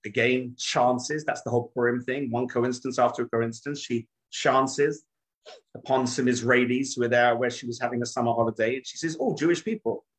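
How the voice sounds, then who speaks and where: A man's voice: medium pitch, little pitch movement, a little fast, poor audio. A middle-aged man, a rabbi, telling a story in a talk with dramatic shifts of voice.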